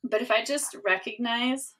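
A woman hosting a podcast interview who talks in a casual, animated way, laughs often, and acts out her own inner thoughts. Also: on the high side, normal speed. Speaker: podcast host, doctor.

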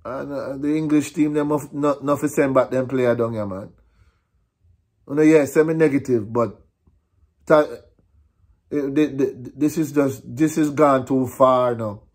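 A man's voice: medium pitch, steady tone, measured pace, darkish tone. A Jamaican man ranting on his vlog, frustrated and repetitive, slipping between patois and English. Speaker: vlogger.

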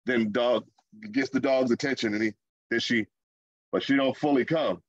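Animated man preaching a casual sermon. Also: mid-range voice, moderate pace, no room sound, lo-fi sound. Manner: animated, conversational preaching with playful asides and acted quotes.

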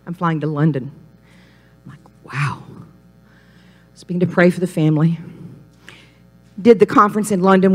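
A woman from Mississippi, a pastor's wife telling her testimony on a talk show, animated and dropping to hushed whispers for emphasis. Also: lowish voice. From Mississippi, USA.

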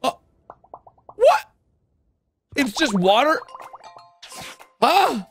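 A man hosting a reaction video, giving excitable, exclamatory commentary on animated clips and calling out to viewers. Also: sits high, moderate pace. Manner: excitable, exclamatory, talks to viewers as "bro" and "guys". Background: music.

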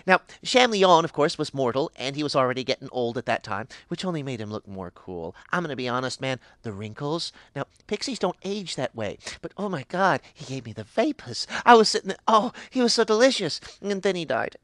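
A man voicing an ancient, cheerfully unhinged pixie in a fan animation, rambling with sudden high squeals. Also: sing-song, a little fast, hardly any pauses, a bit bright, no echo. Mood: giddy rambling. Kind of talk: character monologue for fan animation.

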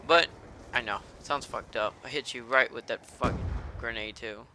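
A man's voice: medium pitch, moderate pace, sharp tone, a little hiss or hum. A man doing live gameplay commentary, ranting and cursing in a fired-up rage. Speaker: gaming commentator.

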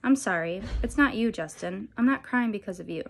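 A woman's voice: medium pitch, animated, fairly quick, gravelly, a little hiss or hum. Woman voicing a sensitive, defensive teenage girl in a storybook, tearful, slightly raised voice. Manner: tearful, pleading.

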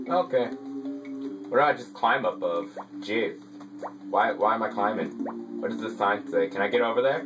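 Excitable man yelling at his game. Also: on the low side. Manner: excitable, quick to mock frustration, hollers. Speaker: let's play gamer. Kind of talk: casual gameplay commentary. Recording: distant mic with game music behind.

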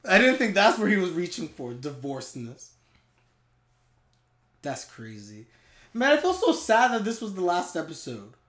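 Excitable man reacting to anime live. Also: high-pitched, moderate pace, long pauses. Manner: excitable, laughing, animated.

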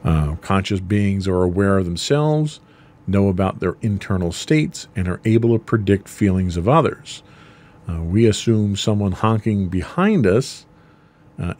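Low-voiced man explaining casually. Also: a little mellow. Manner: explains with everyday examples, frequent ums. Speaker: podcast co-host.

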